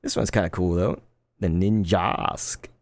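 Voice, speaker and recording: A man in his thirties chatting casually while opening trading cards live, laid-back and quick to get excited. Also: deep voice, no room sound. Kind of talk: live card-opening stream chat.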